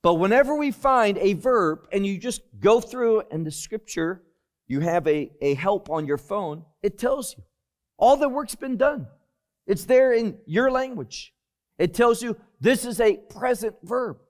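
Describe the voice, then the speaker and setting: A man preaching a Bible-teaching sermon, deliberate and emphatic, often dropping his voice low at the end of a phrase. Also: animated. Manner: slow, deliberate, emphatic delivery with sudden drops in volume.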